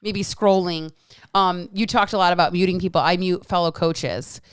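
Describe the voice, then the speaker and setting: A woman's voice: on the low side, steady tone, moderate pace, smooth, no room sound, clean studio sound. A woman in her forties with an East Coast accent, hosting a podcast in casual, chatty talk that acts out quotes and swears freely. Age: 40s. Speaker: podcast host and fitness coach. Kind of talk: casual chat.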